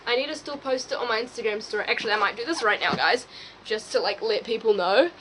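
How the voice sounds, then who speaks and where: A young woman chatting casually at home while cleaning, rambling excitedly and swearing freely. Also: on the high side, fast, a little hiss or hum, poor audio. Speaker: vlogger and small business owner. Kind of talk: casual clean-with-me vlog chat. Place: at home, tidying her room.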